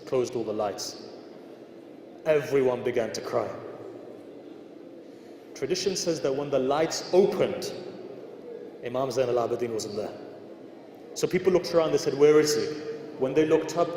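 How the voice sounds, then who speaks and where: A man's voice: medium pitch, darkish tone. A male preacher telling traditions in an emotional sermon, speaking straight to his listeners and voicing the people in the stories. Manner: addresses listeners directly, retells traditions with quoted dialogue. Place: large indoor shrine hall. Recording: roomy hall echo, background noise.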